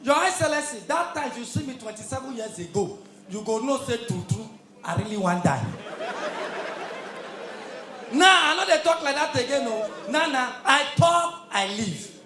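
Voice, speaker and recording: A Nigerian man doing stand-up, his voice pitched very high and swinging widely as he shouts punchlines in Pidgin. He takes his time between lines. The sound is roomy and echoing, with a crowd faintly audible behind him. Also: sing-song, normal speed, pauses often, a little hiss or hum. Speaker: stand-up comedian. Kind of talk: stand-up comedy routine. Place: live comedy show stage with audience. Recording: echoey live venue with crowd.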